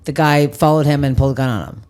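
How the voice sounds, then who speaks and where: A woman's voice: low voice, fast. A woman hosting a podcast, chatting casually and telling stories with lots of swearing and acted-out voices. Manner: animated storyteller, swears a lot, acts out other people's voices. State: tired. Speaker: podcast host, comedian. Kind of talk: casual chat, storytelling.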